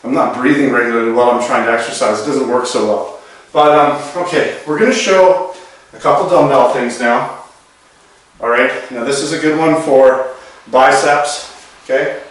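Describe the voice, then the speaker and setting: A medium-pitched man over forty talks at a moderate pace as he shows exercises to do at home. This fitness instructor stays chatty and loose, restarting now and then and sounding a bit out of breath as he moves. The sound is distant camera audio in a very echoey space.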